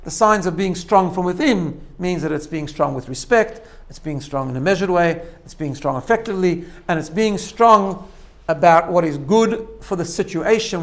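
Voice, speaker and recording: Man teaching with a slightly high voice. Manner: explanatory, repeats phrases, frequent tag "right?". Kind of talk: spoken lesson on self-growth.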